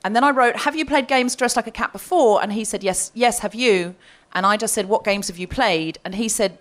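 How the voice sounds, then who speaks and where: A woman hosting a live comedy podcast, telling a story on stage with lots of laughing and animated delivery. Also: medium pitch, fairly quick.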